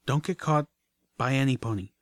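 A man's voice: mid-range voice, moderate pace, no room sound, lightly acted. A man reading an audiobook voices a determined young female pony, urgent and breathless.

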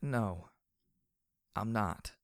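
A man reading an audiobook, voicing a timid, fragile young female pegasus pony who speaks softly and hesitantly. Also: mid-range voice, lively intonation, unhurried, vocal fry, no echo, clean studio sound, voice pushed up. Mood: fragile, quiet. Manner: soft, quiet, hesitant. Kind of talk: audiobook character voice.

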